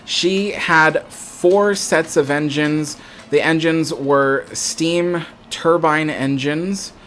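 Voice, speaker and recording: A man's voice: fairly high pitch, steady tone, extremely slow, a bit bright, slight background noise. Chatty man hosting a casual livestream. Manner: chatty, reads viewer comments aloud, many ums. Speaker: livestream host. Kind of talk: casual live chat.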